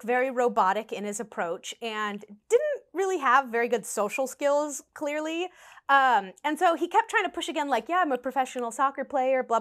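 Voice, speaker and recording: A young woman with a high, bright voice tells a dating story straight to her audience. She is animated and laughs often, and she jumps up in pitch when she acts out the people in her story. The talk is loose and chatty, full of "like" and asides. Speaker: vlogger telling stories. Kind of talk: casual storytime.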